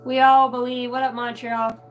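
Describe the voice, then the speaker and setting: Woman doing a casual card reading live, kinda high voice, bit far from the mic, music going in the back. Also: flat delivery, moderate pace. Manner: chatty, greets viewers by name, muses aloud; clears her throat often. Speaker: tarot card reader on a live stream. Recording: distant mic with music playing behind.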